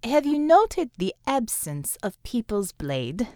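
A woman voicing a stern, cold female commissar who speaks in a clipped, flat way through clenched teeth. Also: fairly high pitch, takes it slowly, dry recording, clean studio sound. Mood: dark.

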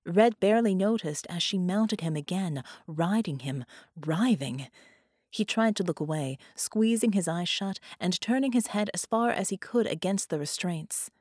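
A woman narrating an audiobook in a measured, unhurried reading. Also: lowish voice, a little mellow, no echo, studio quality. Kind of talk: scripted narration.

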